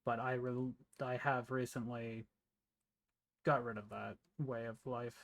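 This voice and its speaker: A man's voice: medium pitch, flat delivery, unhurried, fairly bright tone, dry recording. A man speaking in character during a live role-play, guarded and reluctant as he admits his past.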